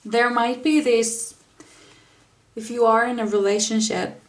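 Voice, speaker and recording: A young woman giving a gentle, giggly tarot reading to camera, with lots of fillers and small laughs. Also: a little high, fairly even intonation, measured pace. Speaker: tarot reader.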